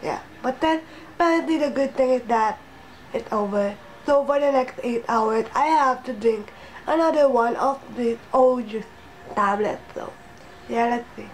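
A young woman with the flu vlogging from home, rambling and halting, her voice nasal and congested. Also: a little hiss or hum, rough recording. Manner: rambling, halting, low-energy. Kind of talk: casual rambling vlog.

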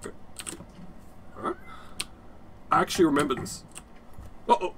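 Young-adult man, casual game commentary, swears and laughs a lot, slightly high voice. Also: huge pitch swings, moderate pace, gravelly, fairly bright tone, slight background noise. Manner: rambling, sweary, laughs often. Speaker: game streamer. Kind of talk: casual let's-play commentary.

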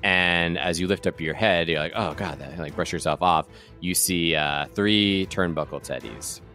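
A man's voice: deep voice, normal speed, bright, forceful tone, soft background music. A man narrating as game master for a tabletop game, loose and laughing, with many fillers.

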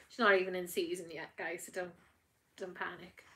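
A British woman filming a casual vlog at home, talking to her dogs in soothing baby talk that often drops to a hush. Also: on the low side, flat delivery, moderate pace. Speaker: dog breeder filming her dog's labour. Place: at home indoors.

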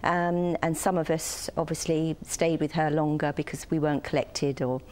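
An older woman from the United Kingdom, a guest on a TV interview, speaking softly and hesitantly with many pauses. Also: low-pitched, fairly even intonation. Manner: soft-spoken, hesitant with many ums.

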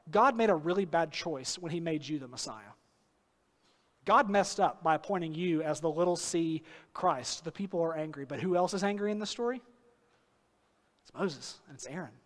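A man preaching a sermon as pastor, earnest, slowing down on key phrases for emphasis. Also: high-pitched. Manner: earnest preaching with sudden slow emphatic phrases and acted quotes. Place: church sanctuary. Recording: long hall reverb.

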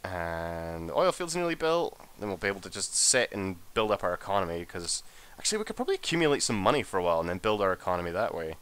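Sweary, animated gamer man. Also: sits low, fast talker, clear, resonant tone. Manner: sweary, excitable, mutters to himself. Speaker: let's play gamer. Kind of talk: casual gameplay commentary.

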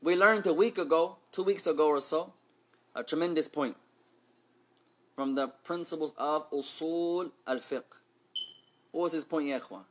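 A man's voice: on the high side, moderate pace, long pauses, a bit bright. A man teaching an Islamic class, switching between Arabic and English, quizzing his students and joking with street slang. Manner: playful, street slang mixed in.

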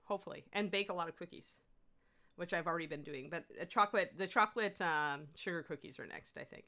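Her voice fast and sharp-toned, a woman hosting a casual livestream giggles and chats her way through a rundown of her week. Now and then she addresses her dog in a high-pitched baby voice.

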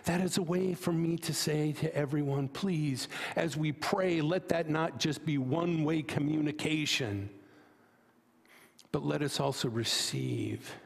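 A man's voice: fairly high pitch, unhurried, vocal fry, big-room sound. A man preaching a sermon as pastor in a church, talking in a conversational way with fillers and restarts and telling a joke story. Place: church sanctuary.

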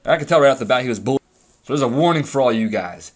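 A man's voice: mid-range voice, lively intonation, very fast. A young man rambling through a profane, sarcastic story while commentating on his game. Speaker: gamer commentating over gameplay. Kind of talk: casual storytelling rant.

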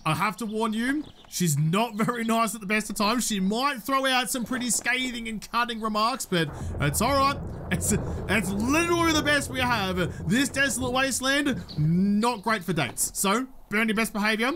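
A man's voice: extremely high pitch, lively intonation, moderate pace, bright, forceful tone, a little hiss or hum. An Australian man giving jokey, chatty let's-play commentary and talking to his in-game companion. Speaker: gaming YouTuber.

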